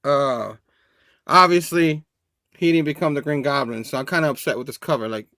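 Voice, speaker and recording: A man co-hosting a comic review show, relaxed and chuckling, with many fillers, over a video call. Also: on the high side, normal speed, dry recording, clean studio sound. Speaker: comic book show co-host. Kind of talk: casual review chat.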